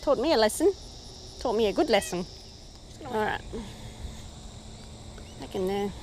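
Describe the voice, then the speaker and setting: A fishing vlogger with an Australian accent chats her way through fishing in the rain beside the water. She speaks a little high and a little slow over slight background noise, addressing the fish and getting thrilled when she lands one.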